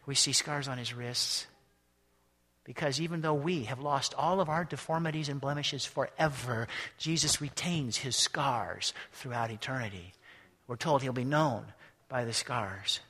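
A man preaching a storytelling sermon to a congregation, animated and acting out the scenes he describes. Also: medium pitch, moderate pace, slightly rough. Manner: animated, acts out scenes in voices. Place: church or hall. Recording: echoey hall.

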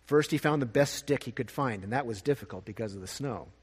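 Husky man reading a storybook. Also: mid-range voice. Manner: gentle, expressive, slow at sad parts. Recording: long reverb.

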